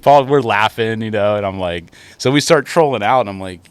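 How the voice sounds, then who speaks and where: Low-voiced man swearing through a fishing yarn. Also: a little fast. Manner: profane rambling storyteller. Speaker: podcast guest. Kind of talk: casual chat. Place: lives in Florida.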